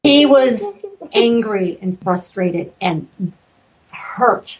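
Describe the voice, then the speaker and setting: Woman from Oregon, slightly high voice, lively storyteller who acts out quotes; distant, muffled podcast recording. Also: very slow. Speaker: podcast host and medium. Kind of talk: casual storytelling chat. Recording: distant, dull lo-fi podcast audio.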